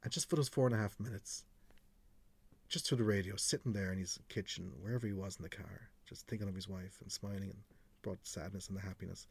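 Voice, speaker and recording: A man's voice: deep voice, steady tone, fast, creaky, slightly rough. A middle-aged Irish man, a radio presenter telling stories in a frank, chatty way and swearing freely. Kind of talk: podcast conversation, storytelling.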